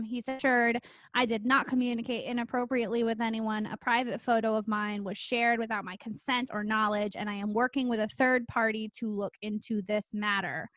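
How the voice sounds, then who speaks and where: A woman co-hosting a wrestling podcast in casual chat, chatty and quick to laugh, with many fillers. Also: a little high, fairly bright tone, no room sound. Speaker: podcast co-host.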